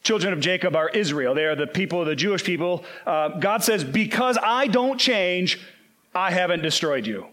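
A man preaching a sermon, earnest and emphatic, slowing down to quote scripture. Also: sits high, animated, a bit bright.

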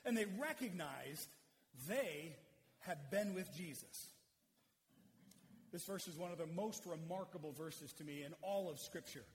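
High-voiced preacher in a reverberant hall. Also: male voice, expressive, measured pace, slight background noise. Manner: conversational, explanatory. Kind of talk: expository sermon.

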